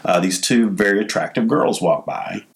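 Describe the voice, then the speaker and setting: A man's voice: on the low side, normal speed. A man with a Southern US accent telling funny stories on a casual podcast, laughing as he talks. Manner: drawling, laughs through his stories. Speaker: podcast host. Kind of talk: casual storytelling chat.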